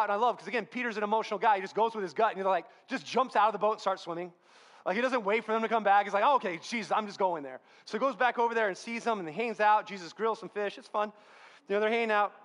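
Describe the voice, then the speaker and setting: A man preaching a sermon in a church, telling a Bible story with lively, acted-out dialogue. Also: sits high. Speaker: pastor.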